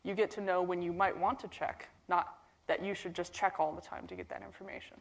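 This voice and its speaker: A woman's voice: fairly low pitch, level tone, fairly quick, vocal fry. A woman in her thirties from Portland, Oregon, giving a casual, chatty conference keynote with plenty of fillers. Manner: casual and chatty, with frequent fillers and a few laughs. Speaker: keynote speaker. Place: conference hall stage.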